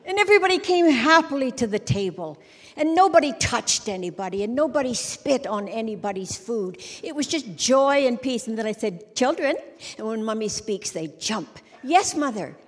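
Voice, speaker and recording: On the church stage, the same kind of wry, joking storyteller, a middle-aged woman, acts out small scenes during a humorous sermon. She talks at normal speed in a voice on the high side with lively intonation, and the hall reverb is long.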